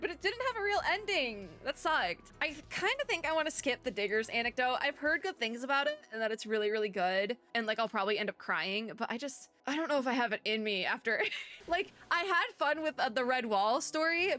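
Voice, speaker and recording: A young adult woman giving chatty, animated commentary while reading a game's story aloud. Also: a little high. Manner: animated, chatty, quick to react. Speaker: gaming content creator. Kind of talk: game playthrough commentary and reading.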